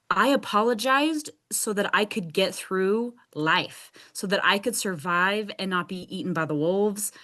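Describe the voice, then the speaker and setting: A woman's voice: fairly low pitch, a bit bright. A young woman who stutters, hosting a casual support group discussion on a video call, with repeated sounds and restarts. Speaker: support group host and speech-language pathologist.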